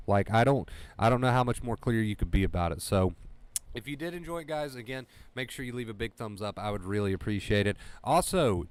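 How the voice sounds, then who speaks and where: A man's voice: fairly low pitch, a little mellow, clean tone, no room sound. A man hosting a livestream as an anxiety coach, talking emphatically to his chat and repeating key phrases. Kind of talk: motivational livestream talk.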